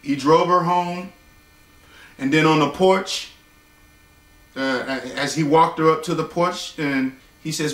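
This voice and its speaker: Jokey male storyteller, high and bright, slangy asides, echoey room, mic set back. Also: takes it slowly, long pauses, distant mic. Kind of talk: casual bedtime storytelling with joking asides.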